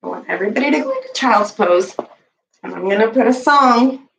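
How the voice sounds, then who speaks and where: A woman's voice: on the high side, lively intonation, a little fast, creaky, fairly bright tone, reverberant, distant mic, a little hiss or hum, rough recording. A woman teaching a children's bedtime yoga class, patient and encouraging, counting out the poses.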